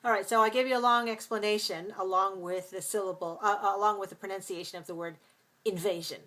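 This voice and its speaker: A woman's voice: medium pitch, fairly even intonation, bright, forceful tone. Woman, pronunciation teacher, patient step-by-step classroom explainer. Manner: patient, explains step by step, repeats words slowly. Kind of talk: live class lesson.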